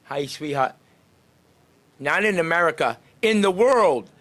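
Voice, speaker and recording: An upbeat man with a slightly high voice chats with people passing by on a town street. He talks freely, laughing often, as a street greeter and podcast host. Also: animated, measured pace, a bit bright. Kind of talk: casual chat with passersby.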